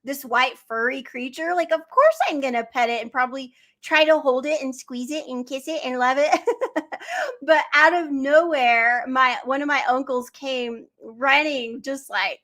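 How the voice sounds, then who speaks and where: Bright-voiced woman hosting a devotional livestream. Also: high voice, moderate pace, few pauses. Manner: enthusiastic, rambling, speaks fondly to viewers. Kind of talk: casual live-stream chat. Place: at home.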